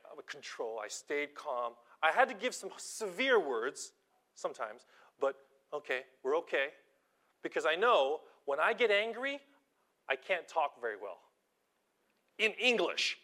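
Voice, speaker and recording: A man preaching an informal sermon, telling stories from his teaching job in an animated, self-deprecating way, dropping to quiet asides and rising to loud emphasis. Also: fairly high pitch. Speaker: preacher and schoolteacher.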